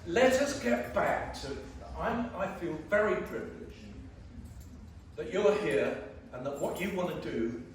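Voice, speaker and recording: A man's voice: fairly high pitch, a little hiss or hum. A man giving a blunt, emphatic, jokey speech to a community meeting in a church hall. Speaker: guest panellist. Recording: very echoey church hall, far from mic.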